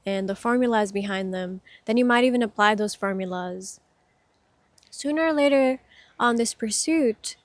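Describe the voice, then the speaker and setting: A woman giving a casual spiritual talk outdoors, soft-spoken and reflective, pausing often and getting emotional. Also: mid-range voice, dry recording. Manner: gets emotional. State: itchy from hay fever. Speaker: spiritual speaker.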